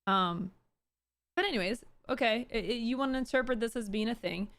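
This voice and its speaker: A woman's voice: on the high side, dry recording. Woman streamer talking to her chat. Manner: reads tweets aloud and picks them apart; talks to chat, quick and animated. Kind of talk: casual livestream commentary.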